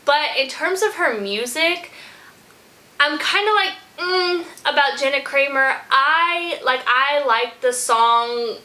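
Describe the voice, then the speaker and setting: Chatty woman reacting to songs, kinda high bright voice, rambles and says y'all. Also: takes it slowly, low-quality recording. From from a small country town. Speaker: music reaction vlogger. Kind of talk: casual chat.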